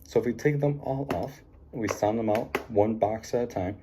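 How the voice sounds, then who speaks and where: A man teaching a phonics lesson, encouraging the class and slowly sounding out letters, with frequent ums and likes. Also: lowish voice, background noise. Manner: frequent fillers like um and like.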